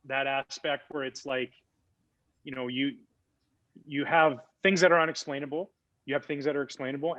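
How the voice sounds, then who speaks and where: A man in his forties, once a ball player, is a guest on a podcast and tells a story in a lively, casual manner full of fillers. His voice sits on the high side, and the recording has no echo but the highs are cut off.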